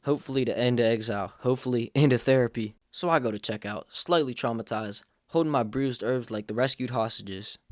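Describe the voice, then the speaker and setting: Talking fairly quickly with few pauses, a young man in his young adult years tells a comedic story for his vlog, leaning on sarcasm and jokes. His voice is mid-range and there's no room sound.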